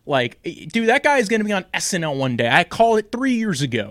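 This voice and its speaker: A man's voice: high voice, very animated, fairly quick, fairly bright tone, no room sound, studio quality. A young man hosting a casual fantasy football talk show, rambling and jokey with lots of fillers and tangents. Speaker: sports podcast host.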